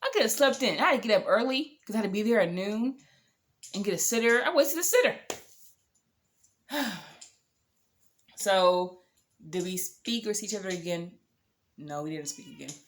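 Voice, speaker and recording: A young woman casually telling a dating story to camera, animated and sassy, swearing freely. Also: medium pitch, moderate pace, pauses often, slight background noise.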